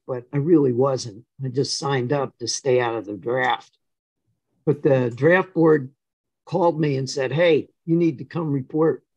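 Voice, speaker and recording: An older man with a fairly high voice tells his life story on a video call, bringing each scene to life by acting out the dialogue. His delivery is animated, full of stammered repeats, and his voice sounds close and dry. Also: dry recording, rough recording. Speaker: guest. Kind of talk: casual storytelling.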